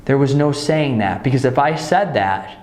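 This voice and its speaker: A man's voice: mid-range voice, animated, moderate pace, darkish tone. A man earnestly telling an emotional story from his own childhood, often restarting his sentences. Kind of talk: personal storytelling. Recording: echoey room.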